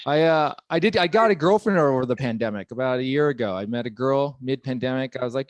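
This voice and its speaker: A man's voice: mid-range voice, quick pace, hardly any pauses, no echo. A man in his thirties doing a stand-up comedy set, rambling and self-deprecating with lots of fillers. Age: 30s. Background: audience laughing.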